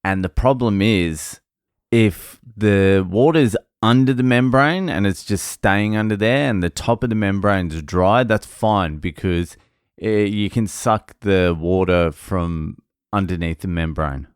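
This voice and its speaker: A man with a low, smooth, resonant voice tells a blunt, swear-laden story about his day in a casual vlog. The sound is dry and close, with no room echo. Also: measured pace. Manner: profane, blunt, rambling storytelling. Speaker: vlogger recounting his work day.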